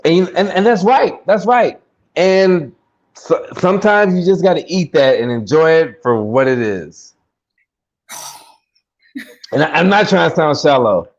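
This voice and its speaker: A man's voice: on the high side, animated, a little slow, long pauses. A man hosting a casual podcast chat, joking around and often stammering and repeating words. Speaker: podcast host. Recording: dull lo-fi sound.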